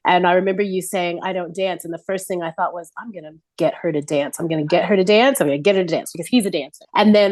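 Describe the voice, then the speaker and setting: An Australian woman, a guest performer, chatting in a lively way and laughing often, speaking over a laptop call. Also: fairly low pitch, dry recording. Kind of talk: casual interview chat.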